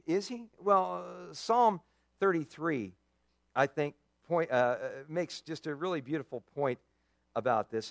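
A man's voice: fairly high pitch, no echo, clean studio sound. A man preaching a sermon in a conversational, folksy way, full of asides and rhetorical questions. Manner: conversational, folksy and animated, with many "you know"s and rhetorical questions. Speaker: pastor.

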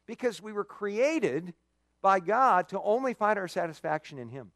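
A male pastor preaching a sermon, telling stories with lively dramatic emphasis. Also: high-pitched, normal speed, no echo. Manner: animated storytelling with dramatic emphasis.

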